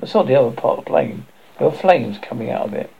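A man voicing a plump, asthmatic schoolboy who is anxious and eager to please, with a raised boyish pitch and plain working-class speech, in a storybook reading. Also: wildly swooping pitch, fast talker, gravelly, husky, exaggerated voice. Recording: dull lo-fi recording.

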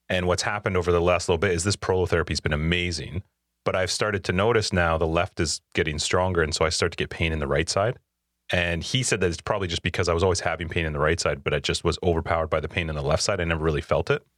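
A man's voice: deep voice, a bit bright, dry recording, clean studio sound. A man co-hosting a casual chat, telling candid, joking stories. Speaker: podcast co-host.

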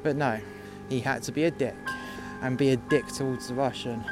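A man's voice: medium pitch, steady tone, moderate pace, music in the background. A man telling a work story in a blunt, mocking, profane way. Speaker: podcast storyteller. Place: outdoors in freezing cold.

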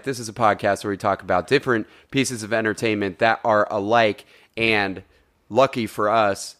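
A man's voice: medium pitch, fairly bright tone. A man hosting a podcast in casual comedic chat, rambling and joking, swearing freely. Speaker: podcast host.

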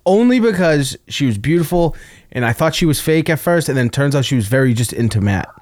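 A man recounting dating-app exchanges in a loose, joking chat. His pitch swings widely as he talks, and the sound is close and dry with no room echo. He breaks into laughter often. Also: animated, brisk, darkish tone. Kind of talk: casual comedic storytelling.

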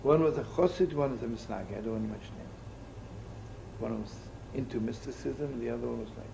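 A man's voice: mid-range voice, a little fast, creaky, warm tone. A man teaching as a rabbi in a folksy, jokey storytelling sermon, sprinkling in Yiddish and Hebrew words. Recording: noisy old recording.

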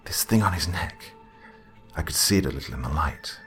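A man's voice: sits low, animated, a bit bright, soft background music. A man voicing a shaken, tearful teenage girl. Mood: frightened. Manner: halting, trailing off, fearful.

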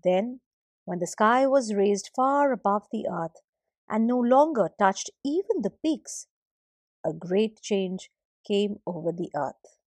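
A woman narrating a myth as a storyteller, in a gently expressive way. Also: medium pitch, no echo.

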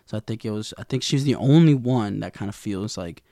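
A man's voice: on the low side, fairly quick, dark tone, no room sound, clean studio sound. A young man casually recapping a TV episode in a slangy, rambling way, acting out the characters' lines. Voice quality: gravelly, with vocal fry.

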